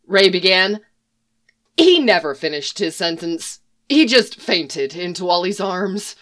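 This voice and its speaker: Lively woman reading a story aloud. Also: lowish voice, takes it slowly. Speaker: fan fiction reader. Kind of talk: storytelling narration.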